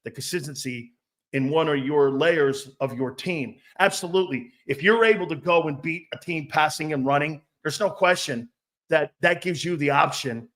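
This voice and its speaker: A man hosting a sports talk stream, brash and profane, reading chat comments and firing back with loud outbursts and mocking asides. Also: a little high, normal speed. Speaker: sports talk show host.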